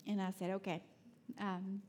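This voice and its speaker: A woman giving a sermon, telling personal stories in an animated way with laughter and soft, prayerful asides. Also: mid-range voice, moderate pace, a little hiss or hum. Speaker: speaker at a church.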